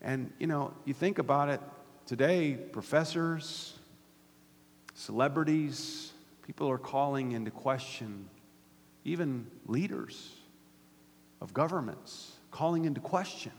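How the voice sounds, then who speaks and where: A man preaching a sermon as pastor, swinging from loud emphatic peaks to hushed near-whispers. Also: medium pitch, animated, slow pace, pauses often. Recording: hall reverb.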